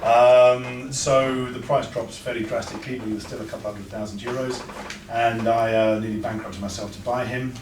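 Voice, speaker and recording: At a breeders' talk, a man tells informal anecdotes to an audience in an event room, restarting and stammering often. His mid-range voice holds a steady tone at a moderate pace. The room echoes, the mic sits far away, and background noise comes through.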